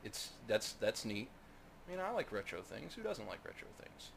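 A man playing a video game with a co-host, casual and exasperated, breaking into loud outbursts. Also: lowish voice, very animated, moderate pace, gravelly, crowd noise. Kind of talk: casual gaming banter.

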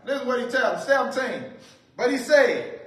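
A man leads a Bible study, reading verses aloud and then driving his points home with emphatic repetition. His voice sits very high and rings bright and forceful. He is heard from a distance in an echoey room. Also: expressive, moderate pace. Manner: reads scripture aloud then comments. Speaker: Bible teacher.

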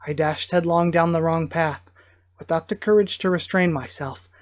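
Earnest reformed villain, gentle-mannered grown man, read by a man, fairly high voice, dry sound. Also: steady tone, normal speed, dry recording, natural voice.

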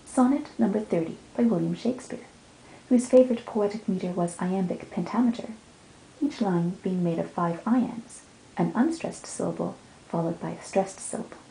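A woman reviewing books and reading poems aloud in a measured, lilting cadence. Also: mid-range voice, gravelly, warm tone, slight background noise. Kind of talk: book talk with poetry readings. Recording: roomy sound with music underneath.

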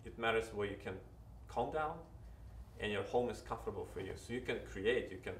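A man with a Ukrainian accent speaks in a fairly low voice, earnest and advising as he restarts his sentences. He sounds a little away from the mic in an echoey room. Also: a little fast, far from the mic, a little hiss or hum. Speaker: interview guest, actor. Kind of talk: casual interview talk.

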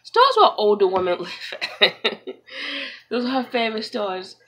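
A young woman from New York talking in a casual personal vlog, subdued and halting, with many fillers and restarts. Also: mid-range voice, sing-song, a bit bright, breathy edge, rough recording. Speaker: vlogger, mother.

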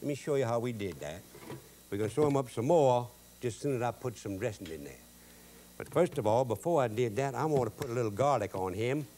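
Animated and brisk, a man with a dark, mid-range voice hosts a Cajun cooking show with jokes and folksy tales. He drawls in a Cajun Louisiana accent with loose grammar, and there's a little background noise.

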